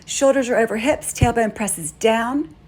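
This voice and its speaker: A woman with a slightly high voice leads a yoga class. She talks students through each pose with calm, steady instructions. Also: a little slow. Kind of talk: guided yoga class cues.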